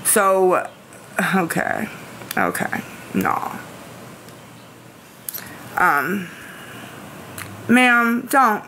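A woman's voice: medium pitch, wildly swooping pitch, very slow, pauses often, pushed and bright, slight background noise. A woman livestreaming who answers viewer comments in casual chat, anxious, pleading and defensive, rambling and repeating herself. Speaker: livestreamer asking viewers for money.

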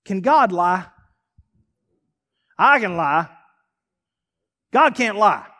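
A man, a pastor preaching a sermon to a congregation in a church, emphatic and building to shouts. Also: sits high, lively intonation, very slow. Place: church sanctuary before a congregation.

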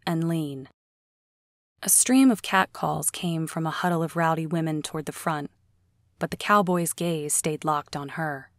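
A woman reading a novel aloud as an audiobook narrator, in a steady storytelling read. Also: low voice, no echo, clean studio sound.

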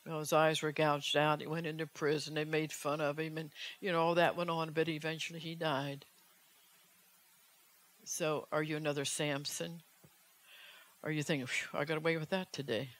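A woman's voice: sits low, flat delivery, normal speed, pauses often. A woman evangelist preaching a fervent sermon, urgent in tone and pressing the listeners with rhetorical questions.

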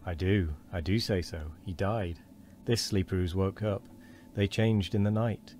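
Wheezy old man, fearful and gossipy, deep and dark, read by a man; faint hiss. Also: steady tone, a little slow. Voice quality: wheezy, quavering.

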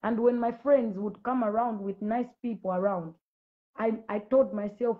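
A woman's voice: mid-range voice, moderate pace, phone-quality sound. A woman in her late thirties giving a fervent live-stream testimony, preaching and scolding commenters directly. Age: late 30s. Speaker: Christian ministry host.

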